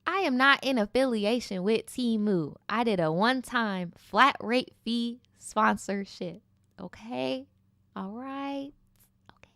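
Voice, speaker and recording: A young woman chatting casually during a mukbang, telling stories in an animated, slangy way with laughing asides. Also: on the low side, clear, resonant tone, dry recording. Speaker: mukbang vlogger. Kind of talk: casual chat while eating.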